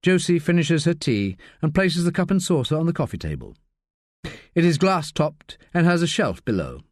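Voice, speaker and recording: A male audiobook narrator with a fairly high voice that moves expressively through a wide range. He tells the story in a measured way. The sound is close and dry. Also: big pitch swings, dry recording.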